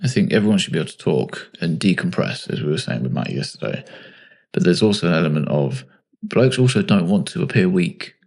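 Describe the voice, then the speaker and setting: A man hosting a podcast, chatting in a relaxed, self-mocking way and thinking aloud. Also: low voice, brisk, creaky. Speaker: podcast host. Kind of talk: casual podcast chat.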